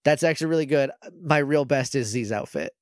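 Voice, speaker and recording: A man co-hosting a casual podcast, retelling an episode in an animated, chatty way full of "like.". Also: medium pitch, a little fast, no echo, studio quality. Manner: animated, chatty, heavy use of "like", acts out quoted lines. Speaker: podcast co-host.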